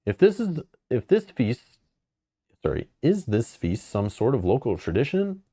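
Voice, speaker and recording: Man doing a crisp, eager British gent. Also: medium pitch, sing-song, a little slow, mellow, dry recording, studio quality.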